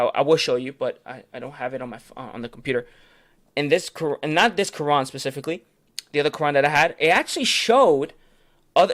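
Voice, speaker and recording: On a late-night casual Bible study stream, a man with a fairly high voice hesitates often, filling gaps with fillers and tripping over terms before correcting himself. He responds to viewer comments along the way. The recording is dry and studio-clean.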